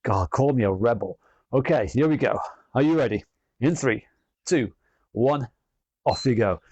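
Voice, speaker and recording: A man's voice: mid-range voice, lively intonation, measured pace, darkish tone, no room sound, highs cut off. A man leading an online exercise class, chatty and self-mocking as he exercises along. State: exercising as he talks. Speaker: fitness instructor.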